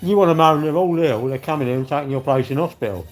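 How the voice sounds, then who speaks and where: A man's voice: a little high, fast talker. A man, chatting casually on a live stream and bantering with his viewers' comments. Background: faint music.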